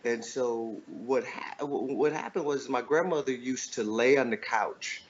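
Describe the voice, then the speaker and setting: A man's voice: mid-range voice, a little slow, muffled recording, crowd noise. A middle-aged man, an author and guest, telling a personal story in a loose, reflective way, often checking in with "right?".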